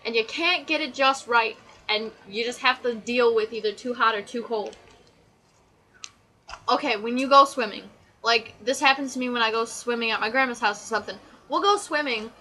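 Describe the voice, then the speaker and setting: A woman's voice: on the high side, pushed and bright, low-quality recording. A teenage girl vlogging a casual, sarcastic rant about her pet peeves. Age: teens. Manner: chatty, exasperated, sarcastic. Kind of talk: casual ranting list.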